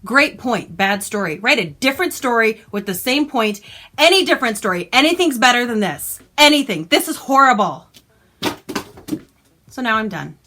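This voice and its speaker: A woman's voice: fairly high pitch, moderate pace. A woman vlogging a casual, exasperated and sarcastic book review from home. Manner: exasperated, sarcastic, animated retelling.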